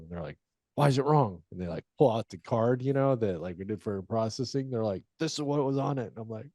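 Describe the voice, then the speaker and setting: A man's voice: on the low side, moderate pace, dark tone, no echo, studio quality. A middle-aged man hosting a casual chat, rambling with lots of "like", swearing and chuckling.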